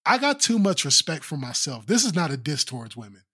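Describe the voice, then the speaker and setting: Man, podcast co-host, casual chat, animated storytelling, somewhat high pitch. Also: brisk, slightly rough.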